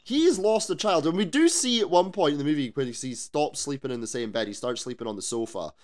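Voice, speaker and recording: A man's voice: mid-range voice, fast. Chatty man musing aloud. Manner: animated, swears freely, rhetorical questions. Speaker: podcast co-host. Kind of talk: casual chat.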